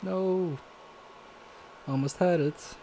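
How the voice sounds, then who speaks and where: Muttering self-deprecating comments while he works, a Polish man talks his livestream audience through a fiddly repair. He speaks very slowly in a high-pitched yet dark-toned voice, and a little hiss or hum runs through the audio.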